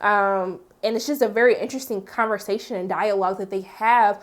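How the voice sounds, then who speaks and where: A woman giving a casual TV episode recap and review, chatty and animated, acting out the scenes and breaking in with sassy asides. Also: mid-range voice, brisk. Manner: chatty, animated retelling with playful sass.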